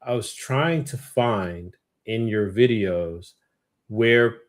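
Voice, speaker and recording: Relaxed, low-voiced man hosting a stream. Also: very slow. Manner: relaxed, hesitant with many ums. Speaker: host. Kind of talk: casual livestream chat.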